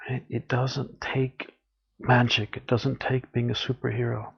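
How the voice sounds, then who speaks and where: A man's voice: medium pitch, gravelly, breathy edge, dull audio. A man giving an earnest, encouraging spiritual talk, often acting out what people say. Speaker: spiritual teacher.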